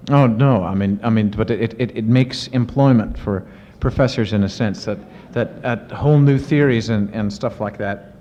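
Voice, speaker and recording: A man, an author and professor, answering audience questions in lively storytelling with many restarts and fillers. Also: fairly low pitch, normal speed, few pauses, in a large hall, slight background noise. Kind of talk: casual spoken Q&A. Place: university lecture event. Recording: muffled 1970s archive recording.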